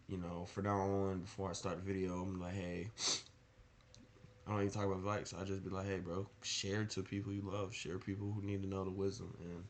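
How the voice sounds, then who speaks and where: A man's voice: low voice, a little hiss or hum. A young man giving casual motivational advice in a rambling, earnest way, often asking rhetorical questions. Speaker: motivational vlogger.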